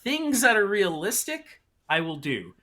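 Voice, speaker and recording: A man co-hosting a podcast in casual, joking chat, with animated delivery that keeps restarting its sentences. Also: sits high, a little slow. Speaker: podcast co-host.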